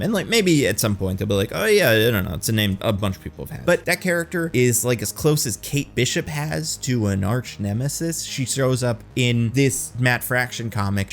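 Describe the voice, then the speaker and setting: A man hosting a casual fan-theory commentary, chatty and rambling, saying "like" often. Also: on the low side. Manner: chatty and rambling, heavy use of "like". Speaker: host of a movie and TV commentary channel.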